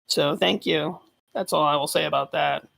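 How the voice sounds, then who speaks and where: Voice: mid-range voice, steady tone, moderate pace, gravelly, background noise. A community member on a live stream, talking earnestly and gratefully. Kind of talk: casual live-stream chat.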